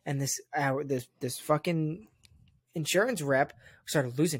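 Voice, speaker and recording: A man with a slightly raised pitch tells a rambling anecdote in casual chat. He is wry and profane, with lots of fillers. The sound is dry and close. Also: lively intonation, moderate pace, a little mellow, husky, dry recording.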